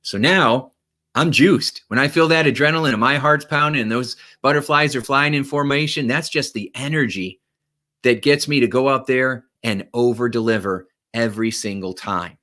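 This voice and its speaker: Pumped-up motivational speaker guy, bright punchy voice, keeps asking "right?". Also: medium pitch, moderate pace. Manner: energetic, emphatic, frequent "right?" and "okay?" check-ins. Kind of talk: motivational talk to viewers.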